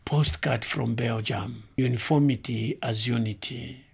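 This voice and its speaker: Slow, gravelly-voiced male commentator. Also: mid-range voice, fairly even intonation, a little mellow. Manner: measured, analytical, grave. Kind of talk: scripted critical commentary.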